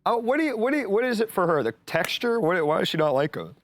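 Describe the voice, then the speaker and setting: A man's voice: high-pitched, big pitch swings, quick pace, faint music behind. A man hosting a live call-in show, talking casually and rambling with jokes and swearing. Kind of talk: casual live stream chat. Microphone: studio mic.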